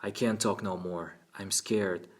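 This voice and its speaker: Man voicing a scared eight-year-old boy, timid and halting, on a deep voice. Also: fairly even intonation, husky.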